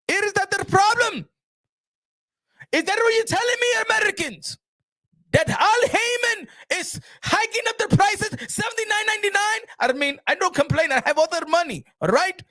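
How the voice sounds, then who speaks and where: A man doing an impression of a boastful, rich male boxing promoter, shouting and swearing in exasperation. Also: very high-pitched, normal speed, pitched above the performer's own voice. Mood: indignant.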